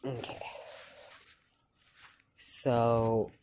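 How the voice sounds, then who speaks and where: A woman telling an improvised fan story in a halting, loose way, with quick quoted lines. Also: rumbling low, little pitch movement, warm tone, slight background noise.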